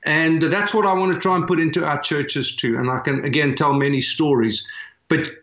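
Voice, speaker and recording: A man's voice: fairly high pitch, steady tone, moderate pace, a bit bright. A man in his fifties from South Africa, a church planter telling earnest, heartfelt stories as a guest in an interview. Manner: earnest, heartfelt storyteller with frequent restarts. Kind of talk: storytelling in a podcast interview. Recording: roomy, dull remote recording.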